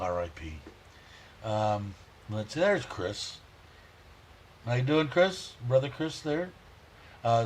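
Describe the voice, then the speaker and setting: A man hosting a casual livestream, rambling warmly, chuckling and reading viewer comments aloud. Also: medium pitch, slight background noise. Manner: heartfelt, chuckles often. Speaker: livestream host.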